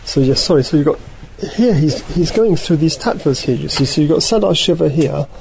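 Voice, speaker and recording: A man teaching a study group, reading passages aloud and then explaining them in a halting, thoughtful way, often correcting himself mid-sentence. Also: a little high, animated, vocal fry, darkish tone, slight background noise, low-quality recording.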